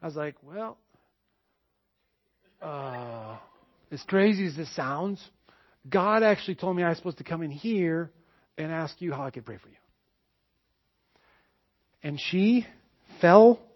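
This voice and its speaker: A man preaching a sermon, telling a personal story with animated back-and-forth dialogue before turning to teaching. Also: sits high, highs cut off. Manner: animated storytelling, acts out both sides of dialogues. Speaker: pastor.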